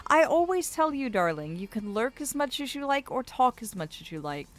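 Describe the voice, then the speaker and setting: A woman's voice: high-pitched, big pitch swings, moderate pace. A woman chatting casually with her livestream viewers, doting and theatrical, calling them darling.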